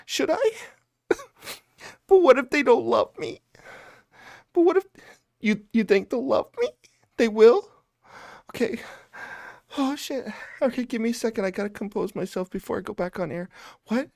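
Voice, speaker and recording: A man voicing a weepy, oversensitive young streamer in a whiny, high falsetto as a mocking parody. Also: sing-song, fairly quick, gravelly.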